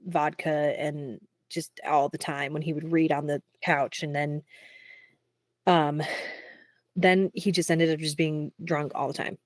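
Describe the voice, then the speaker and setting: A young woman, a singer-songwriter, talking candidly in a casual interview, peppering her speech with "like" and quick laughs. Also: deep voice, little pitch movement, no echo, clean studio sound. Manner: frequent "like" fillers, quick laughs.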